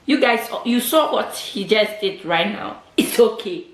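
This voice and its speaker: A vlogger with a West African accent teases her husband playfully in a casual prank vlog, repeating herself as she goes. Her mid-range voice is expressive and a little slow, recorded with reverb and heavy background noise.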